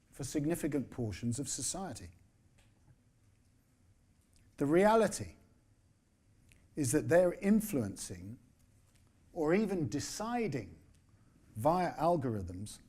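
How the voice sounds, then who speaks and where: A man in his sixties giving a conference keynote as a newspaper editor. His delivery is measured and emphatic, with dry asides. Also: on the high side, mellow, slightly rough.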